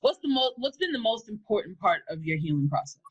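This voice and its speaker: A woman's voice: medium pitch, very animated, fairly quick, husky, dull audio. A woman host asking questions and affirming her guest in a supportive way. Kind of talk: interview questions.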